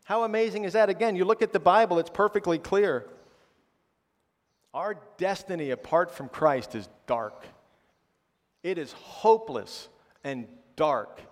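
A man's voice: high voice, expressive, measured pace, long pauses. A middle-aged man preaching a conversational sermon, often tagging a questioning "right?" onto his sentences with self-deprecating humor. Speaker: pastor. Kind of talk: conversational sermon with personal stories. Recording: long reverb of a large hall.

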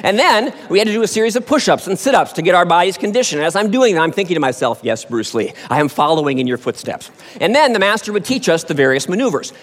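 A man telling a story on stage to an audience in a lively, animated way, acting out the voices of the people in it. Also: high-pitched, rapid-fire, few pauses. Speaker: speaker. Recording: long hall reverb.

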